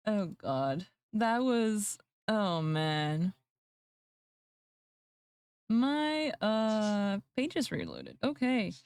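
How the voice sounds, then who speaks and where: A woman's voice: mid-range voice, very animated, extremely slow, pauses often, a little mellow, smooth, no room sound. Giggly streamer woman, dry close sound. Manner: giggly, laughing often, self-mocking. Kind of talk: casual livestream chat.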